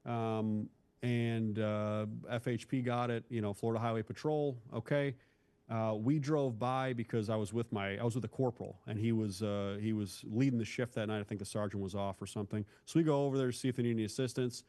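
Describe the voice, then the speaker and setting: A man's voice: lowish voice, steady tone, brisk, mellow, clean tone. A man from Northeast Ohio, a former police officer, telling a hard story from his career in a candid, blunt, casual way as an interview guest. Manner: candid, blunt, calls the host bro.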